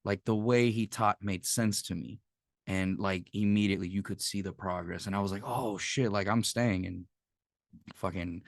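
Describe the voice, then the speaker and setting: A man's voice: low-pitched, little pitch movement, moderate pace, gravelly, dry recording, studio quality. A man hosting a casual podcast, telling stories animatedly and swearing freely. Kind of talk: casual chat.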